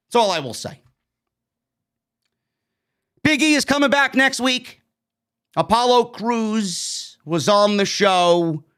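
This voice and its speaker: A New Yorker with a high, sharp-toned voice hosts an easygoing wrestling review stream. His style is talkative and opinionated: first a recap of the events, then his unvarnished take.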